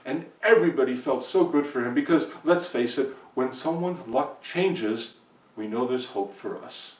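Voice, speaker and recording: Expressive male storyteller, echoey room. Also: mid-range voice, recorded from a distance. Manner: expressive, animated, with dramatic pauses. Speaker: professional storyteller. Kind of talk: live folktale storytelling.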